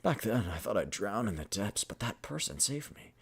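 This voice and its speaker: Earnest reformed young man, flowery and flattering, husky lowish voice, voiced by a man. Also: moderate pace, full character voice. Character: earnest young man, redeemed and eager to please.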